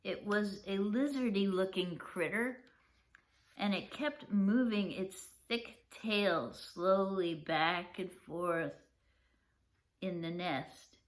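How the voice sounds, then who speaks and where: An older woman, a grandmother, reading a children's chapter book aloud gently and showing its pictures. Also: mid-range voice. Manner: gentle, unhurried, shows pictures. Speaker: storyteller.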